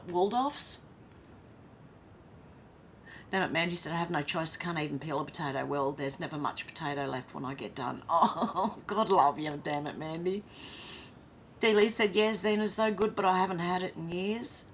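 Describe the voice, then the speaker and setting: Australian woman, livestream host; casual, giggly chat reader with a lowish voice. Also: a little fast, a little hiss or hum. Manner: chatty, reads chat messages aloud, laughs often. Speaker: livestream host reading viewer comments.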